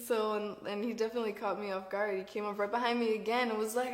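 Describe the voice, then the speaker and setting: A woman's voice: medium pitch, flat delivery, fast, echoey room. A young woman guest telling a candid story, rambling with fillers and frequent giggles. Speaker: podcast guest. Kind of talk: candid storytelling, casual chat.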